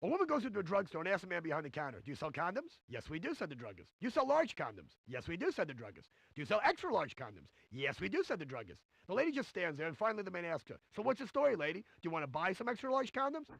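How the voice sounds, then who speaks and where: A brash, corny stand-up comic. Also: male voice, high-pitched, wildly swooping pitch, racing, creaky, few pauses, a bit bright, no echo, heavily acted. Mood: joke-telling. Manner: brash, hammy joke delivery. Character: cheesy stand-up comedian man, brash and corny. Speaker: game's recorded comedian. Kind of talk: 1990s CD-ROM stand-up comedy routine.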